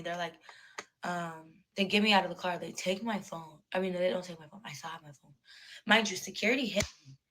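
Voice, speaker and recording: A young woman, a former reality show contestant, tells her story in a clip, animated and profane as she acts out the back-and-forth exchanges. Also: lowish voice, low-quality recording.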